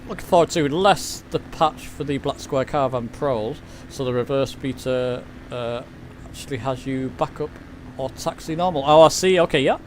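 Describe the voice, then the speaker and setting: A man's voice: mid-range voice, moderate pace, a little hiss or hum. A man with an English accent giving casual live commentary while flying a simulator, chatty and self-deprecating as he answers his chat. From England. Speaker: flight sim streamer.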